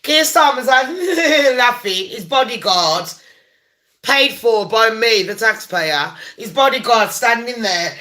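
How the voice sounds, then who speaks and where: A woman's voice: on the high side, animated, takes it slowly, pushed and bright. A woman vlogger delivering a rambling, profane, heated rant about the news. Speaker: gossip vlogger. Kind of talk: ranting commentary vlog.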